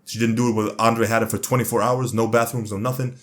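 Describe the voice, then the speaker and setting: A young man giving a casual, slangy, excited review of a TV show, rambling as he goes. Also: medium pitch, quick pace.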